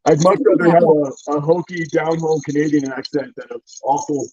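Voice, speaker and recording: A man from the Boston area chats casually on a dull, lo-fi mic. His voice sits fairly high, and he talks bluntly, swears freely and trips over his own restarts. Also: steady tone, moderate pace, dark tone, husky. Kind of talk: casual chat. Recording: dull lo-fi sound.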